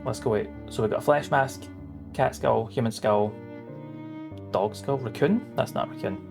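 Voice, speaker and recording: A man's voice: mid-range voice, normal speed, gravelly. A man streaming a game, chatting in an upbeat, casual way and reading text aloud. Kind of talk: casual gaming commentary. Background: game music.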